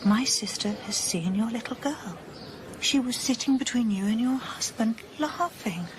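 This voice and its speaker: A woman playing a breathy, emotional grieving mother. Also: a little high, unhurried, natural voice. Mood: breathless, excited. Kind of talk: radio drama acting. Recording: radio broadcast with clear hiss.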